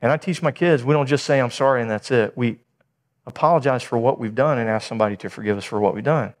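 Man preaching with animated storytelling. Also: medium pitch, quick pace. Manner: animated storytelling, acting out dialogue. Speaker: pastor. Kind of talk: sermon.

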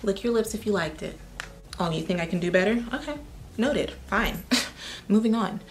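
A woman's voice: medium pitch, normal speed, a little hiss or hum. A young woman doing a casual, chatty makeup try-on review, with sassy asides. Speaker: beauty vlogger.

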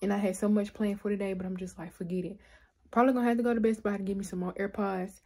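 A woman's voice: medium pitch, steady tone, racing, mellow, husky. Chatty young woman vlogging. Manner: chatty, addresses viewers directly, frequent fillers. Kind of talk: casual vlog chat to camera.

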